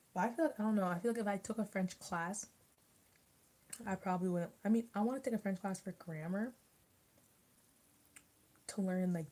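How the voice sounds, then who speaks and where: A young woman with a low, dark-toned voice chats casually while she eats for her vlog. She rambles, keeps restarting and says "like" constantly, and the audio quality is poor.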